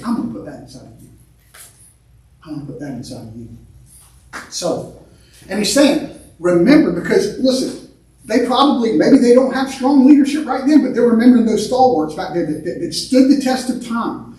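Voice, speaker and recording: High-voiced preaching pastor, man, in an echoey church. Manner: animated preaching, repeats words, swings between loud and quiet. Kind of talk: sermon. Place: church sanctuary. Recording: echoey sanctuary, mic at a distance.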